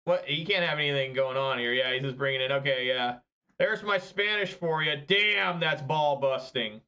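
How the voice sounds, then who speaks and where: A man casually commentating his own card game matches, muttering through quiet turns and getting loud and excited at big plays. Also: medium pitch, moderate pace, dull audio. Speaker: gameplay commentator.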